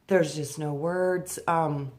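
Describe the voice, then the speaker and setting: A woman telling her spiritual story drops to a slow hush for the profound parts. She turns lively while revisiting a memory, and her tone shoots up sharply as she performs her younger self.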